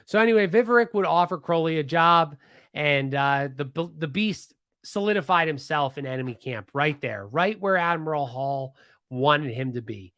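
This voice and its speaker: A man's voice: on the high side, lively intonation, normal speed, a bit bright, dry recording, studio quality. A man from Pennsylvania hosting a podcast, telling a history story casually and animatedly, with many restarts and asides. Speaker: podcast host.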